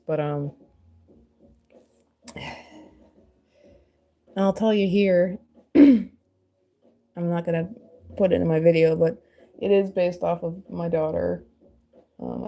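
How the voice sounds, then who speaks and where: While sculpting, a woman who is a crafter and mother chats casually, rambling, laughing often and joking at her own expense. Her voice is lowish, creaky and mellow.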